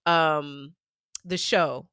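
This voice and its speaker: A woman in her forties from New York co-hosts a casual podcast. Her voice is bright and crisp, and she slows into a drawl when she reminisces. The sound is dry and close on the mic. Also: deep voice, dry recording. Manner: animated storytelling, laughs often, drawls when reminiscing. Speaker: podcast co-host. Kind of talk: casual chat.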